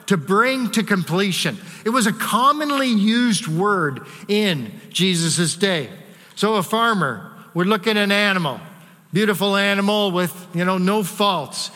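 A man preaching a sermon in an earnest way, slowing and softening his voice for key words. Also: high-pitched, big-room sound. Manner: earnest preaching with dramatic pauses and softened quotes. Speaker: pastor.

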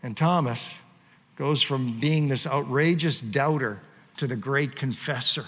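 A man's voice: medium pitch, lively intonation, unhurried, big-room sound. A man preaching a sermon as pastor, talking in a conversational way with frequent fillers and asides to the congregation.

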